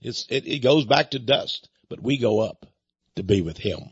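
A man's voice: mid-range voice, animated, moderate pace, breathy edge, no room sound, muffled recording. An older man hosting a talk radio show, rambling in a folksy way with chuckling asides. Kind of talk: talk radio monologue with book pitch.

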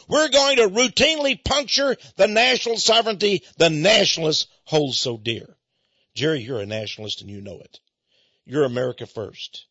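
A man with a high, bright voice delivers a talk radio monologue, his pitch swinging widely as he reads passages aloud and breaks in with mock alarm. The sound is dry and a little dull. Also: no echo. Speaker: radio host. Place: studio office.

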